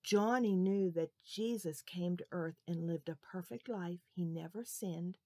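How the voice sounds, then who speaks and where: A woman telling a Bible story to children, expressive and asking her listeners questions. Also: fairly low pitch, a little slow, no room sound, studio quality.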